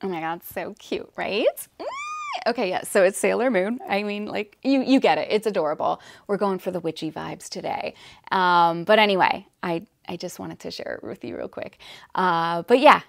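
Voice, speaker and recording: A woman's voice: on the low side, moderate pace, gravelly. A woman vlogging to camera in a casual, upbeat and rambling way. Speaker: lifestyle vlogger. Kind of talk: casual chatty vlog to camera.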